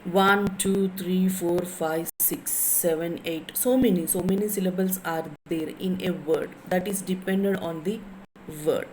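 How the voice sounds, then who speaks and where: A woman's voice: on the low side, fairly even intonation, unhurried, a little mellow, slight background noise, rough recording. A woman lecturer in English with an Indian English accent, teaching a class, repeating key phrases and spelling words letter by letter.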